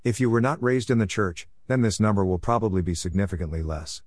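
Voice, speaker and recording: A middle-aged man with a very low, deep voice reads a letter aloud. His delivery is blunt and preachy, with an irreverent edge. The sound is dry and close, with no room around it. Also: fast, a little mellow, no echo. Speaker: podcast host.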